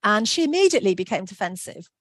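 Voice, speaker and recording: A woman's voice: mid-range voice, big pitch swings, quick pace, no echo, clean studio sound. A woman giving an online workshop talk, friendly and reassuring, reading out answers from the chat. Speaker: workshop presenter.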